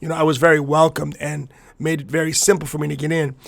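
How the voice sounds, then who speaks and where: A man in his fifties from the US–Mexico border region tells a personal story on his podcast. His voice sits a little high with a gravelly, fry-laced edge. He rambles reflectively and restarts often, and the sound is dry and close. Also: little pitch movement, quick pace, a bit bright, no room sound. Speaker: podcast host and capoeira master.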